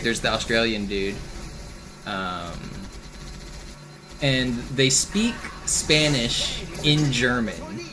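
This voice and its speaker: A man's voice: mid-range voice, background noise. A man streaming a game speedrun, chatting casually with viewers and thinking aloud about tricks. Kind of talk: casual live-stream commentary. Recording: voice over game audio with music.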